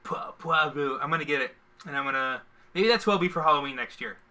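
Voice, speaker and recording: A man's voice: a little high, lively intonation, very fast, bright, forceful tone. A man co-hosting a casual live stream, joking and poking fun at himself. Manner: jokey, self-mocking. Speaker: stream co-host.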